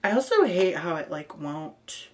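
Low-voiced woman vlogging, slow and dry, reading her messages out with little laughs. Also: sing-song, darkish tone. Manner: dry, amused asides with frequent laughs and ums. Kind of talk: casual vlog, reading messages aloud.

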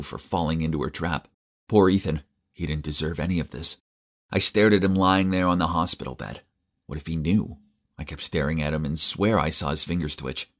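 Male narrator for an animated first-person drama, very low and conversational.

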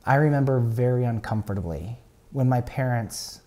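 Young guy on a podcast, warm mellow voice, chatty storytelling, lots of ums and restarts. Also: medium pitch, normal speed. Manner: chatty, animated storyteller with many fillers. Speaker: podcast guest. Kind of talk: casual storytelling.

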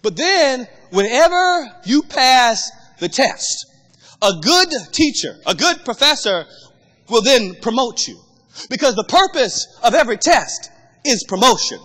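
A man preaching a sermon as pastor, impassioned and rising to shouts. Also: extremely high pitch, sing-song, unhurried, big-room sound.

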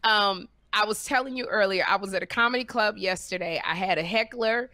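A middle-aged woman hosts a podcast of casual chat and storytelling, animated and lively, acting out what people said. Her mid-range voice runs a little fast, with no room sound.

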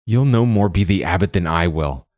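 Narrator voicing a lumbering young monk bully, deep voice, sneering and muttery, dry close mic. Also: male voice, expressive, moderate pace, a little mellow, no room sound. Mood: scornful.

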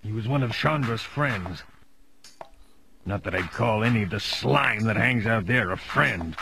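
A man's voice: on the low side, expressive, a little slow, vocal fry, noisy background. An actor playing a grieving male city official in a 1990s game, giving an earnest, urgent briefing. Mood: worried. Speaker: game character.

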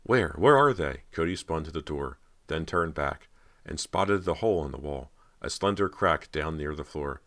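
A man reading a horror audiobook in a steady, dramatic way. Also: extremely low pitch, moderate pace. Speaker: audiobook narrator. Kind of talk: scripted narration of a horror novel.

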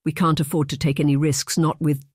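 A man's voice: fairly high pitch, little pitch movement, fairly quick, a little mellow, husky, no room sound, clean studio sound. A narrator voicing a weary nobleman. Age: 30s. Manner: tired, tense, clipped. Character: weary, troubled nobleman in his thirties.

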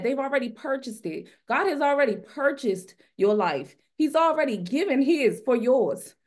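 A woman with a somewhat high voice speaks on a faith panel at an event. She is earnest and keeps stacking rhetorical questions to drive her point home. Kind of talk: faith-based panel talk. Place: event stage.

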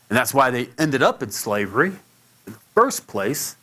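A man preaching a sermon as pastor, telling stories in a conversational way, sometimes stumbling and repeating words, and leaping much higher in pitch when he acts out quotes. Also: very animated, unhurried, long pauses, sharp tone.

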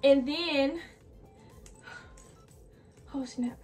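Breathless, chatty young woman, high voice. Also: drawn-out words, a little mellow. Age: young adult. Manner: chatty, filler-heavy, lots of like and y'all. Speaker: fashion vlogger. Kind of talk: casual DIY tutorial. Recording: from a distance off the mic, faint music behind.

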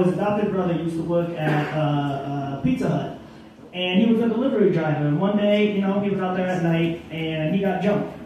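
Halting young comic in an echoey bar. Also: male voice, a little high, warm tone. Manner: halting, full of ums, self-deprecating. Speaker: open mic comedian. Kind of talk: stand-up comedy. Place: bar stage at open mic night. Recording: echoey room, far from mic, faint noise.

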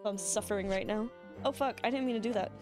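A woman's voice: mid-range voice, moderate pace. A young woman streamer chatting casually through a let's-play, swearing and laughing often. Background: faint game music.

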